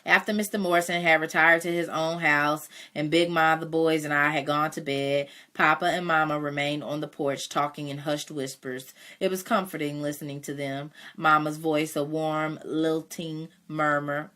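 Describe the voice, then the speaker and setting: A woman's voice: sits low, fairly even intonation, moderate pace, few pauses, sharp tone. A woman reading a novel aloud, breaking off for casual asides to her listeners. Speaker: reader.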